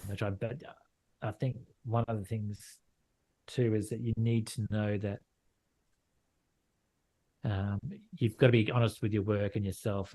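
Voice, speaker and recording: A plain-spoken Australian man speaks in a fairly low voice. He sounds middle-aged and talks in loose, casual interview chat. He is blunt and frank and often restarts his sentences. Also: mellow. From Western Australia. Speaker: landscape photographer and gallery owner.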